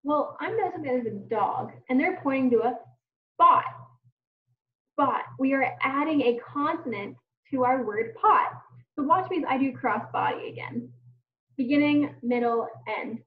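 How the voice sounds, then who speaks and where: Kindergarten teacher, woman, high bright voice, slow patient delivery, dull distant recording. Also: animated, reverberant. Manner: slow, encouraging, sounds words out to kids. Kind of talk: phonics lesson for young children. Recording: distant mic, dull lo-fi sound.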